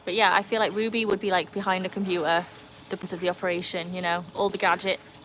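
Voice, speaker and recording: Speaking quickly and in a level tone, this lowish-voiced British woman chats with her stream from home, her dogs nearby and her phone as the mic. She wanders from topic to topic as she responds to comments, dropping plenty of "um" and "like," with background noise audible.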